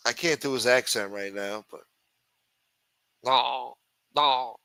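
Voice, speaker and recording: A man hosts his own livestream, reading the news aloud and breaking off into rambling, profane rants. His voice is bright and forceful. The sound is dry and close, with no room echo. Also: mid-range voice, slow pace, vocal fry, clean tone. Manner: crude, sarcastic, reads headlines aloud then rants. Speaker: livestream host.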